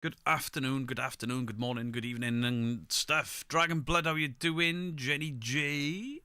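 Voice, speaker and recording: A man's voice: mid-range voice, steady tone, normal speed, bright, forceful tone, clean tone, dry recording. A middle-aged man, chatting casually on a live stream, greeting viewers by name and swearing freely. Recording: close mic, dry room.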